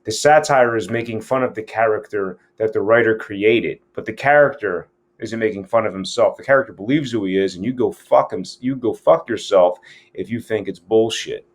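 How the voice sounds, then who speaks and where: A man's voice: lowish voice, normal speed. A man giving a casual scene-breakdown lesson as an acting coach, speaking frankly and with plenty of profanity.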